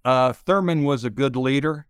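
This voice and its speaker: An older man telling stories as an interview guest, halting with many pauses and fillers. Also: medium pitch, smooth, no echo, studio quality. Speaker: interview guest, retired pitcher. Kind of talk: slow reflective storytelling.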